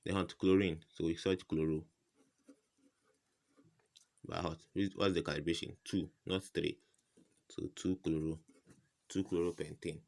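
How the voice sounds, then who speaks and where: A man's voice: deep voice, level tone, a little slow, vocal fry, long pauses, a little mellow. A man tutoring chemistry in an informal lesson, firing rhetorical "what?" questions at the viewer and repeating each answer. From West Africa.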